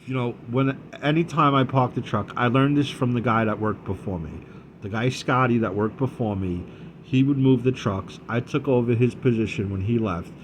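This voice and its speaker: A man's voice: mid-range voice, moderate pace, slight background noise. Rambling guy telling a story. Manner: rambling, repeats himself, swears freely, laughs through the telling. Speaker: vlogger. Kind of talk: casual storytelling. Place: dining room at home.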